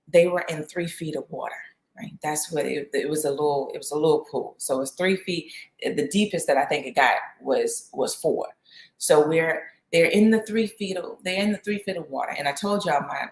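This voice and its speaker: A woman in her thirties giving a casual devotional talk, chatting and acting out her family's lines. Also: on the low side. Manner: conversational, acts out her family's lines in quick bursts. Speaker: host of a faith talk show. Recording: roomy echo.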